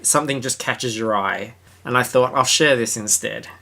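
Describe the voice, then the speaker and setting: A man's voice: mid-range voice, moderate pace, creaky, sharp tone. A man co-hosting a podcast, reading from a book and breaking off for sarcastic, jokey asides. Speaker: podcast co-host. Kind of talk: casual podcast chat, reading a book aloud.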